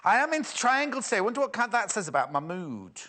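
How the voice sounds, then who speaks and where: High, lively man presenting. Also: fast. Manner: chatty, self-mocking, giggly. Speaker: shopping channel presenter. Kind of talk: live TV sales chat.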